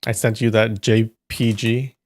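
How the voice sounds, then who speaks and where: Low-voiced man bantering with chat. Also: flat delivery, measured pace. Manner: joking, teasing banter with frequent laughs. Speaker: live stream host. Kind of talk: casual chat with stream viewers.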